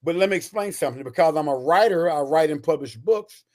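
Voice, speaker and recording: Fast and emphatic, this guest is a man in his sixties, a retired Army Ranger turned author, delivering animated stories. His voice sits a little high, with a darkish tone and lively delivery.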